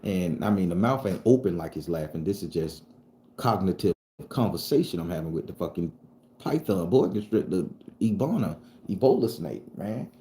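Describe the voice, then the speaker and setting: A man's voice: low-pitched, moderate pace. A man from southern Florida telling a true spooky story in a casual, profane way, acting out the dialogue as he goes. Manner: profane, animated, acts out dialogue. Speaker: storyteller and channel host. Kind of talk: casual spoken ghost story. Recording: echoey room.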